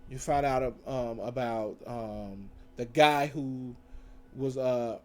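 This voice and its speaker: A man recapping TV episodes in a casual, slangy, animated way, full of fillers and self-corrections. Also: mid-range voice, slow pace. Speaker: TV show reviewer. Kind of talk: casual recap with acted quotes.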